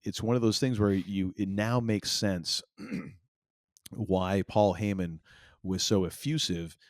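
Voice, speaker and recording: A man's voice: deep voice, fairly even intonation, takes it slowly, dry recording, clean studio sound. A man from Maine co-hosting a wrestling podcast, talking in a loose, rambling way with many fillers and restarts. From Maine, USA. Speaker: podcast co-host. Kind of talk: casual chat.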